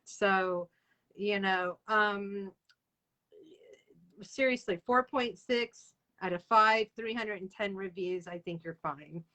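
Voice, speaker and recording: Chatty, bright-voiced woman interviewer. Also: medium pitch, low-quality recording. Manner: chatty and gushing, laughs and tears up in sympathy. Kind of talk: casual interview chat.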